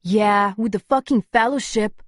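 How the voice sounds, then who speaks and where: A woman's voice: mid-range voice, unhurried, dry recording, studio quality, lightly acted. A woman voicing a hyper, fidgety young shapeshifter woman who talks indignantly, in an audiobook.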